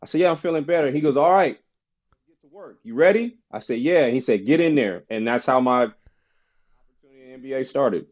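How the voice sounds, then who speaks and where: Speaking at a medium pitch with a slightly mellow tone, this man talks briskly but leaves long pauses. He's a former basketball player guesting on a podcast, recounting a personal story casually and doing the voices of those he quotes, on a muffled recording.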